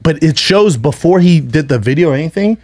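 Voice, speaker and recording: A man's voice: a little high, animated, brisk, a little mellow, no room sound, clean studio sound. A man hosting a podcast in casual chat, telling a long story in a rambling, profane way with many restarts. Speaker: podcast host.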